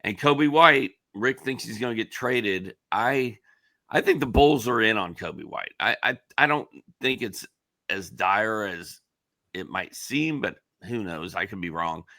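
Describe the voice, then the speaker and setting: A man's voice: fairly low pitch, lively intonation, unhurried, pushed and bright. A man co-hosting a sports podcast in a casual chat, thinking aloud and weighing both sides. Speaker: co-host.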